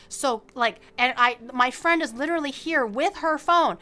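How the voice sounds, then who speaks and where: A young woman streamer telling a story in animated, casual fashion, swearing freely. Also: high voice, moderate pace, hardly any pauses, smooth.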